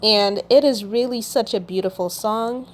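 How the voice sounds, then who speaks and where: In a casual Christian video, the woman hosting reads song lyrics out loud and unpacks them, often checking in with a warm "okay?". Her voice is a little high and her pace moderate.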